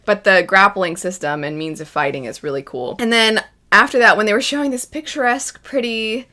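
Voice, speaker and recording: A young adult woman giving casual, enthusiastic first-impressions commentary on an anime, chatty and quick to laugh. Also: mid-range voice, sharp tone. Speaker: anime reaction vlogger.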